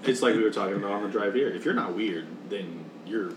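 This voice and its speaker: A man from Indiana in casual chat, breaking in with animated jokes. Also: fairly low pitch, fast, roomy sound, background noise. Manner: animated, joking interjections.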